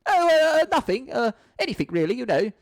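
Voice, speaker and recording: A man's voice: sits high, sing-song, fast, creaky, dry recording, studio quality, voice pushed up, exaggerated voice. A man reading a screenplay aloud, voicing a foppish, dim young prince who sounds cheery and vague. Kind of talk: screenplay read-through.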